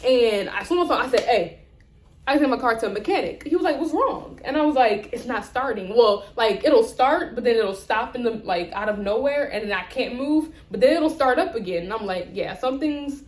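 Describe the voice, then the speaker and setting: A woman's voice: a little high, a little fast, echoey room. A young woman vlogger telling a rant-style story, acting out the people in it. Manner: animated, acts out both sides of conversations.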